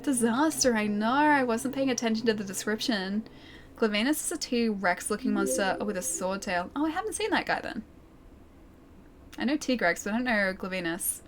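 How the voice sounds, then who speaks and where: A woman's voice: fairly high pitch, moderate pace, background noise. Chatty Australian woman streamer. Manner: chatty, laughs often, answers chat. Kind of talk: casual live-stream chat while gaming.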